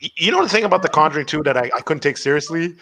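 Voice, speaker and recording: Excitable male podcast co-host. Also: on the high side, rapid-fire. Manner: excitable, stammering restarts. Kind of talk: casual podcast chat.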